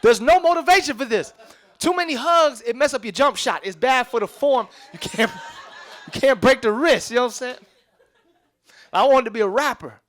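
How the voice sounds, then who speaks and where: A young man doing a stand-up comedy set on a club stage, telling stories in with quick asides to the crowd. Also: extremely high pitch, a bit bright. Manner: loose, streetwise storytelling with quick asides to the crowd.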